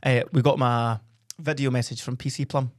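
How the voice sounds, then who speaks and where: A man's voice: medium pitch, steady tone, moderate pace, dry recording, clean studio sound. A Scottish man co-hosting a radio football show, chatting casually, teasing his co-hosts and laughing often. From Scotland. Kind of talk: casual chat.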